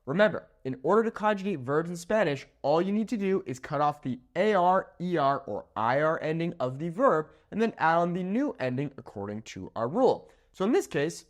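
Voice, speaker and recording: Lively, animated man teaching a lesson. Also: on the high side. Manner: animated, checks in with "okay?" often. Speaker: Spanish teacher. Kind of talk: whiteboard grammar lesson. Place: room with a whiteboard.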